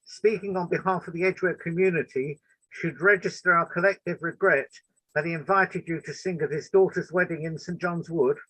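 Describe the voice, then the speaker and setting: A man, the interviewer, puts his question to the guest with dry humour. His voice is bright and slightly high, and it sounds close and dry, with no room echo. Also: fairly quick.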